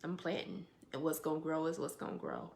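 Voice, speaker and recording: Young woman educator doing her weekly update, gravelly voice, lowish, gets emphatic and animated. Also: fast talker. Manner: animated, emphatic, with colloquial asides. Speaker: anti-bias educator hosting a weekly update. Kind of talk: casual reflective monologue.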